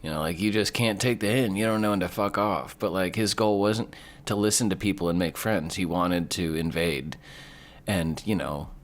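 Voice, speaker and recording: A man's voice: low-pitched, normal speed. A young man hosting a casual commentary, rambling, sarcastic and sweary. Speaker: host.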